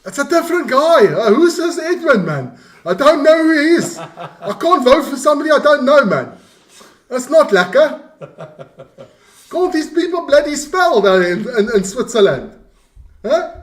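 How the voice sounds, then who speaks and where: A man voicing an indignant man who grumbles and rants in a high, squawking way. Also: moderate pace, hardly any pauses, a little mellow, echoey room, far from the mic. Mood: mock outrage.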